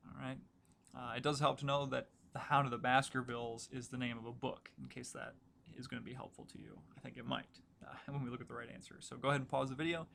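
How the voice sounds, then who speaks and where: A man teaching a recorded writing lecture, explaining in a casual, relaxed way with many fillers as he works through examples at his computer. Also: mid-range voice, quick pace, creaky, slight background noise. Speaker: writing instructor.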